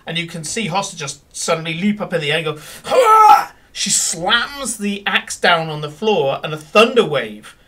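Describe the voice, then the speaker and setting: A man's voice: fairly high pitch, lively intonation, brisk, bright, forceful tone, far from the mic. Rambling man narrating a tabletop game. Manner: rambling with many fillers and restarts. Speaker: game master.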